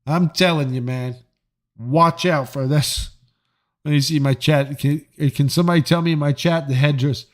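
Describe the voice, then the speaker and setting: A man hosting a live stream, chatting casually with viewers in a joking, profane and animated way. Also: on the high side, normal speed. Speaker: livestream host reading chat.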